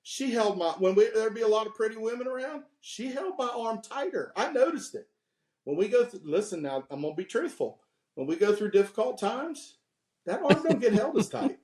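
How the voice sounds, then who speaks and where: Talking fairly quickly, an animated podcast guest in his fifties uses a fairly high voice to recount candid stories, poking fun at himself before shifting into preachy advice. A noticeable echo rings through the room.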